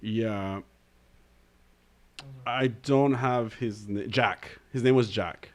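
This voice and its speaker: A man's voice: fairly low pitch, drawn-out words. A man co-hosting a podcast in casual chat, who laughs often and talks hesitantly with many fillers and restarts. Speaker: podcast co-host.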